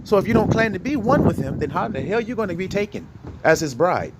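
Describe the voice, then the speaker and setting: Animated preaching man, lively pitch. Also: fast talker, very noisy. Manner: animated, conversational preaching with rhetorical questions. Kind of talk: informal sermon.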